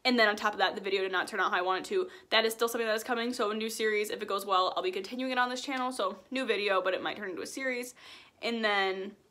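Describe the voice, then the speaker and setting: A woman's voice: mid-range voice, rapid-fire, sharp tone. A young woman from Illinois talking casually to her channel from home, chatty and upbeat as she eats lunch. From Wilmington, Illinois, USA. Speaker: vlogger. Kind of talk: casual chat while eating. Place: at home, indoors.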